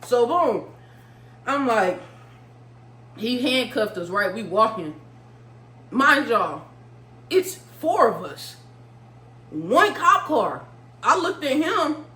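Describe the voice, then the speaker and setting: A woman vlogger telling a story in a casual, animated way, swearing freely and talking straight to her viewers. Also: a little high, takes it slowly, pauses often, roomy sound.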